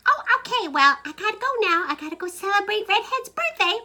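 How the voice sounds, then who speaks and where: A woman's voice: extremely high pitch, sing-song, brisk, bright, forceful tone, pitched above the performer's own voice, heavily acted. A woman voicing a cheerful husband planning a surprise, in a playful sing-song manner. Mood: cheery.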